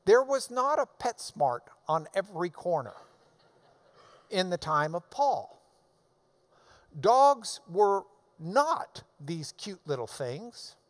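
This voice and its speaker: Animated high-voiced male preacher, slow delivery. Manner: emphatic, repeats words in loud bursts; folksy asides to the congregation. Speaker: preacher teaching a Bible passage. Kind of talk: expository sermon.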